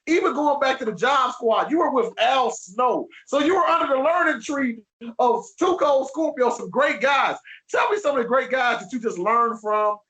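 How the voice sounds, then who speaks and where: A man hosting a podcast, asking relaxed questions in casual chat and calling his guest "man". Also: very high voice, normal speed. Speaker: podcast host.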